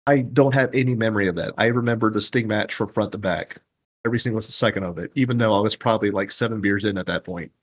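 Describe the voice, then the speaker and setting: A man who is a guest on a podcast, recounting events in casual chat with excitement and frequent swearing. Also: fairly low pitch, quick pace, breathy edge.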